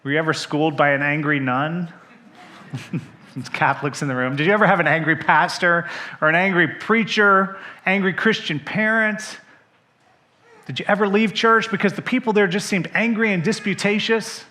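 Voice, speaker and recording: A man's voice: sits high, normal speed. A male pastor preaching a sermon, telling the story with animation and asking the congregation direct questions. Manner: animated storytelling, acting out the characters' quoted lines.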